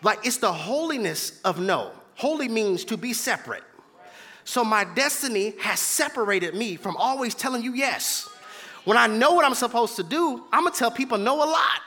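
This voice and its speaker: A man's voice: very high voice, expressive, moderate pace, sharp tone, long reverb tail. A man preaching a sermon as pastor in a church, emphatic and repetitive, calling out to the congregation. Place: church sanctuary.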